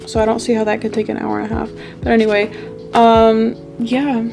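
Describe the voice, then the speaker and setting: A woman's voice: fairly high pitch, flat delivery, normal speed, vocal fry, music in the background. A young woman book vlogger in a casual reading vlog, talking emotionally and gushing, with frequent swearing.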